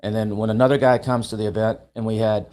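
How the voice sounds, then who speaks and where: A man on a live video call, telling long stories in a casual, animated way, restarting and repeating words and acting out what people said. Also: fairly low pitch, quick pace. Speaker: guest speaker, event founder.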